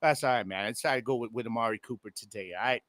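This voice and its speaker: Excitable man, bright dry voice. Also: medium pitch, rapid-fire, no echo. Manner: loose, excitable, talks straight to listeners with slang. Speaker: podcast host. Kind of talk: casual sports podcast monologue. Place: home room with air conditioning.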